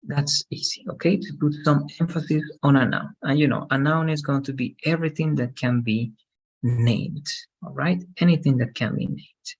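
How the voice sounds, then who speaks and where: A man's voice: on the high side, fairly even intonation, normal speed, gravelly, highs cut off. A man teaching English grammar one-on-one, explaining patiently and checking for understanding with frequent "okay?".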